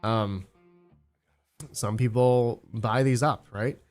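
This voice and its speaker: A man's voice: medium pitch, steady tone, slow, a little mellow, soft background music. Rambling man hosting a mining livestream. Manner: rambling, searching for words, many fillers. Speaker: crypto mining channel host. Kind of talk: casual livestream chat.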